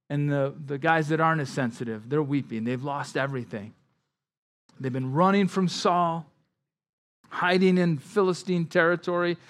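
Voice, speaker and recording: A man pastor preaching a Bible-study sermon in a conversational way, dropping quiet on somber lines and rising on emphasis. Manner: conversational preaching, with frequent "like" and "right?" asides and repeated words; drops his voice low and quiet on somber lines, rises louder on emphasis.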